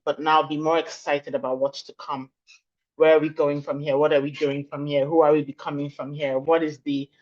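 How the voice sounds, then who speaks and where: A woman, a program leader giving a reflective closing speech over a video call, stacking phrases for emphasis. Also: low-pitched. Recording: dull lo-fi call audio.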